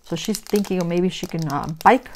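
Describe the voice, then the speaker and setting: A woman's voice: lowish voice, normal speed, noisy background. A middle-aged woman chatting casually while she crafts, telling stories and acting out the dialogue with big reactions. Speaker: craft vlogger.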